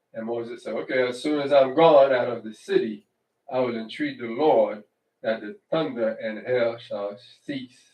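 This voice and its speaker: A man delivers a relaxed, conversational sermon at an unhurried, deliberate pace. He often checks in with his listeners and restarts his phrases as he thinks aloud. The voice sits back from the mic in a roomy, echoing congregation hall. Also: medium pitch, lo-fi sound. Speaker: congregation teacher. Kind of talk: informal Torah-portion sermon. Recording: echoey room, distant mic.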